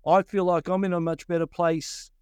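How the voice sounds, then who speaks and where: A man's voice: sits high, little pitch movement, moderate pace, smooth, no echo. A man in his fifties with an Australian accent, a surf commentator telling stories in a casual interview and acting out his own past thoughts.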